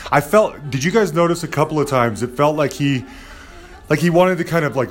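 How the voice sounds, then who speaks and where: A man hosts a podcast in a relaxed, rambling way, full of "uh" and "you know." His voice sits at an ordinary middle pitch. Faint music plays in the background. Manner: friendly, rambling, agreeable, filler-heavy. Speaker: podcast host. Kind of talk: casual podcast chat and outro.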